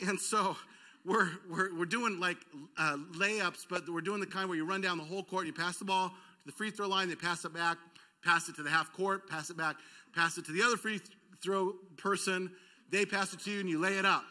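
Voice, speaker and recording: A man pastor telling a funny self-deprecating story in a sermon, acting out the voices around him with shouts and mock crying. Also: sits high, fairly quick. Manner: self-deprecating, animated, acts out quoted voices with cries and shouts. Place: church auditorium.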